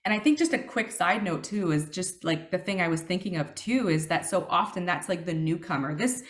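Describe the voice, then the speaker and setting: A woman's voice: fairly low pitch, expressive, fairly quick. A woman in her thirties giving a personal recovery testimony, earnest and reflective, with frequent fillers and restarts. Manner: earnest and reflective, with many fillers and self-corrections. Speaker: speaker sharing her recovery story.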